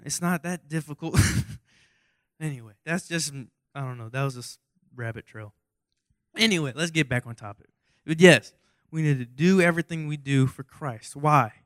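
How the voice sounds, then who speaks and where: A man's voice: mid-range voice, dry recording, studio quality. A young man, preaching a casual, joking sermon full of rhetorical questions and rambling asides. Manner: goofy, self-mocking, rambling with asides. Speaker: youth preacher.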